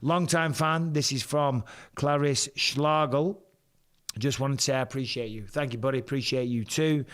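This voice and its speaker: A man's voice: medium pitch, fairly even intonation, normal speed, fairly bright tone. Man, English accent, forties, home live-stream host, blunt, jokey. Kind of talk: live-stream reaction chat.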